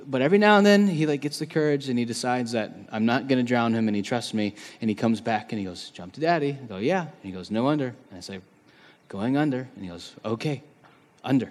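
A man's voice: mid-range voice, fast, hardly any pauses. Man preaching in an echoing hall. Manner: conversational, animated preaching with dramatized quotes. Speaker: pastor. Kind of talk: sermon. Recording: long reverb of a large hall.

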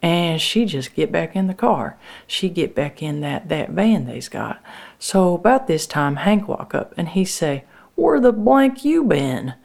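A woman telling a first-person story in folksy rural dialect, with halting restarts. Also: deep voice, expressive, gravelly, a little mellow.

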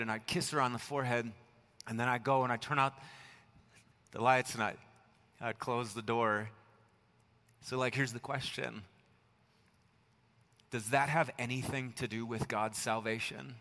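American pastor preaching in a reverberant church. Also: male voice, mid-range voice, fairly even intonation, moderate pace, long pauses. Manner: conversational storytelling, dropping to soft near-whispers for emphasis. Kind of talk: sermon. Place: church sanctuary.

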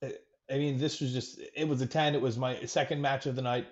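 A man co-hosting a podcast in casual chat, excitable and joking, with frequent fillers. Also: mid-range voice, a little fast. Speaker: podcast co-host. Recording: dull lo-fi recording.

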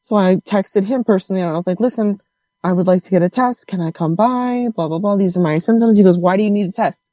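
A woman's voice: medium pitch, quick pace, no room sound, muffled recording. Swearing woman telling a story. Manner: animated, swearing, acts out quoted voices. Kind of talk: casual storytelling chat.

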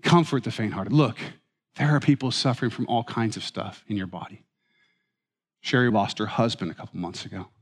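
A man preaching a sermon as pastor, telling stories with animated, self-mocking humor. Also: fairly low pitch, a little fast, husky. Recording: reverberant hall.

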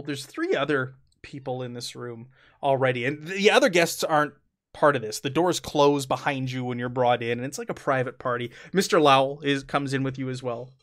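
A man's voice: mid-range voice, a bit bright. A man narrating a tabletop game as game master, chatty, with frequent fillers and laughter.

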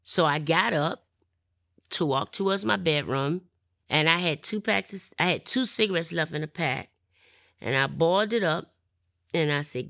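A woman's voice: low voice, animated, normal speed, gravelly, a bit bright, dry recording, studio quality. A woman, telling her personal testimony in an interview and acting out the people in her story.

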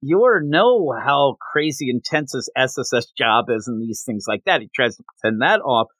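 Male podcast co-host, animated, breaks into character voices. Bright tone, dead-dry sound. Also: mid-range voice, dry recording. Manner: animated, quotes characters in quick put-on voices. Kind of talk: casual manga discussion.

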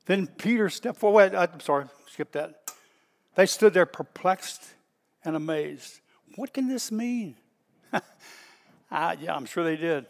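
A man's voice: a little high, steady tone, measured pace, creaky. A man preaching a sermon, reading scripture aloud and commenting on it with emphatic repetition. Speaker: pastor.

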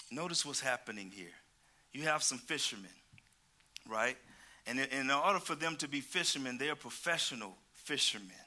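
A male preacher giving a lively sermon, joking and asking the congregation questions as he talks. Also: mid-range voice, normal speed.

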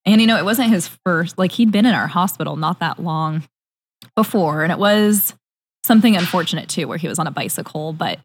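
A woman who works as a hospital nurse, recounting a difficult patient in an easygoing way. Her voice sits a little low and she talks it through conversationally. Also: animated, a little fast, husky. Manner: conversational, laughs along. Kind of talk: casual chat.

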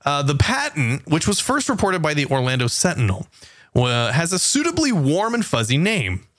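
A man's voice: on the high side, wildly swooping pitch, moderate pace, fairly bright tone, no room sound, clean studio sound. A man co-hosting a casual podcast chat, joking, laughing often and reading headlines aloud. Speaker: co-host.

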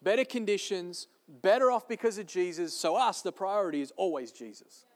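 Pastor, male, high-pitched and emphatic, preaching in a big reverberant hall. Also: moderate pace. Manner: emphatic, repeating key phrases. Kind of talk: sermon. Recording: long reverb of a large hall.

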